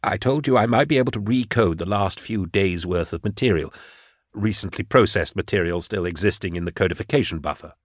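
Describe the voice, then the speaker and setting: A man's voice: deep voice, a little fast, dry recording, clean studio sound. A man voicing a fussy, edgy young male interrogator who talks in a prim, jumpy, overly polite way in an audiobook.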